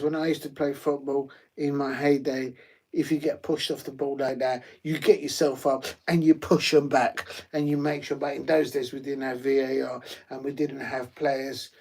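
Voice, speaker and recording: A man hosting a live football watch-along, chatty and rambling with many fillers and sudden bursts of excitement. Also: mid-range voice.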